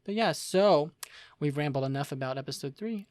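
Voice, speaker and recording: A young man co-hosting an anime podcast, talking in an animated, rambling way and laughing easily. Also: fairly high pitch, normal speed, no room sound, studio quality. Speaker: podcast co-host. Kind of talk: casual anime review chat.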